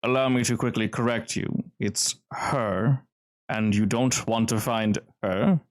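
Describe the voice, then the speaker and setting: A man voicing a tall, distinguished, guarded gentleman who speaks smoothly and calmly. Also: on the low side, lightly acted. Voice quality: smooth, velvety. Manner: calm, measured, cagey.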